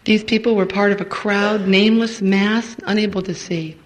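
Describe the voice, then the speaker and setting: A middle-aged woman preaching an emotional sermon to a women's retreat, fervent and stammering, dropping into hushed near-whispers. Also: medium pitch, steady tone, moderate pace, rough recording.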